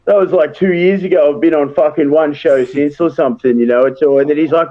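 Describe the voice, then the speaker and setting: An Australian man rants bluntly, swearing in nearly every breath as he vents about wrestling politics. His voice sits a touch high for a man. The recording is dull and lo-fi. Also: brisk, hardly any pauses. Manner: blunt, profane, ranting. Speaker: podcast guest, wrestler. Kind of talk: casual chat.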